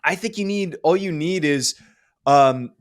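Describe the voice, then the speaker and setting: Male podcast co-host, slightly raised pitch, measured and methodical in disagreement. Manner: measured, argues a counterpoint step by step. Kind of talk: casual sports debate.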